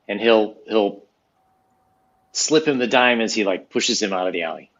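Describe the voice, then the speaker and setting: Lowish-voiced male player, dull sound. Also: normal speed, long pauses, a bit bright. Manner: casual, with hesitant fillers. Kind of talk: playing a tabletop game.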